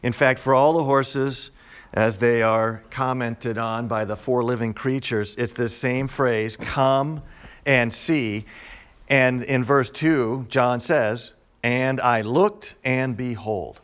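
A man's voice: medium pitch, steady tone, takes it slowly, a bit bright, clear, resonant tone, lo-fi sound. A man teaching a Bible study class in a conversational way, repeating key words with emphasis for the group.

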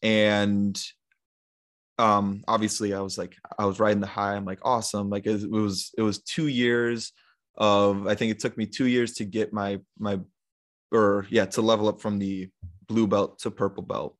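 Speaking at a normal pace, a young podcast guest with a fairly low voice spins a casual, meandering story heavy on fillers like "like" and "um." He re-enacts people's words to him, staying easygoing and chatty throughout the interview.

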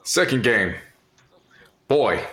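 A man's voice: mid-range voice, expressive, very slow, a bit bright. A man co-hosting a podcast in casual chat, laid-back, steering the topics with dry jokes. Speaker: podcast co-host. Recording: noisy background.

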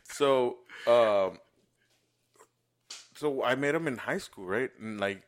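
A man's voice: medium pitch, slow. A young man co-hosting a casual podcast chat, telling rambling, profane stories and mimicking the people in them. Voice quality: profane, rambling storyteller who mimics others. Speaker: podcast co-host.

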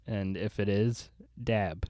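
Dry, critical young man, lowish voice. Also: slow, warm tone, no echo. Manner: dry, critical, repeats words when starting. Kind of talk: casual film chat.

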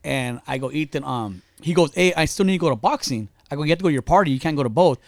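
A man's voice: fairly high pitch, animated, creaky, no room sound. A man in his thirties, a podcast co-host, telling stories about his son in heated, profane casual chat. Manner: fast-talking, profane, heated.

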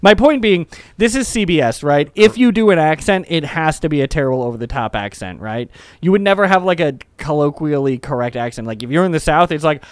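A man co-hosting a podcast in casual chat, joking and excitable, swearing freely. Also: on the high side, fairly quick, smooth, no echo. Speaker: podcast co-host.

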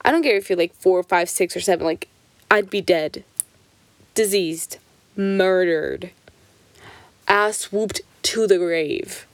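A young vlogger with a lowish voice recounts childhood tales casually, cursing freely and peppering everything with "like." The recording is dry, and her lively delivery alternates quick phrases with drawn-out ones.

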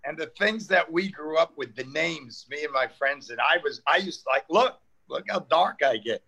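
Bright-voiced older man telling stories. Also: a little high, moderate pace, creaky, slightly rough, poor audio. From New York. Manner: animated storyteller acting out quoted exchanges. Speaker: comedian guest. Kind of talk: casual storytelling chat.

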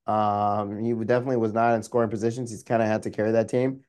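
A man's voice: lowish voice, flat delivery, fast, a little mellow, smooth. A man co-hosting a sports podcast, chatting casually with plenty of ums and restarts. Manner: rambling, many fillers and restarts. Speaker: podcast co-host.

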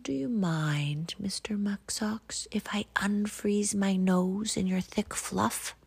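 A woman's voice: mid-range voice, slow, creaky, slightly rough, pitched above the performer's own voice, heavily acted. A woman voicing a cold, sly female arctic fox in a storybook, coaxing in a whisper.

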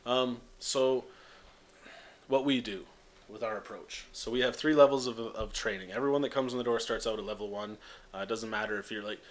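Laid-back Canadian man, lowish voice. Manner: laid-back, profane, jokey. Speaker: strength coach, podcast host. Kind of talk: casual podcast chat.

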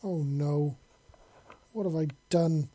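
A narrator voicing a panicked, remorseful winged woman who pleads and sobs in a raised pitch. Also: steady tone, slow pace, dark tone, slightly rough. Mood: sobbing pleas.

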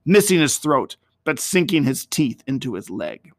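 A man reading a story aloud in a measured, expressive storytelling manner. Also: medium pitch, no echo.

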